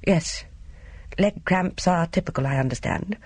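A woman voicing a grave, cautious middle-aged man in an audiobook, speaking in a measured, grim way. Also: fairly low pitch, a little mellow, husky, no room sound. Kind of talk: audiobook character voice.

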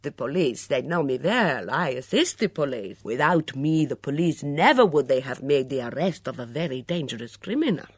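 A woman voicing a boastful foreign housekeeper in a loud, swaggering mock accent. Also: a bass voice, expressive, moderate pace, few pauses, slightly rough, dry recording, studio quality, voice pushed down, heavily acted.

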